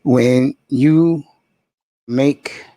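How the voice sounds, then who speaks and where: A man's voice: medium pitch, very slow, mellow, dry recording. A man hosting a casual live chat, affectionate and emotional with his guest. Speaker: host.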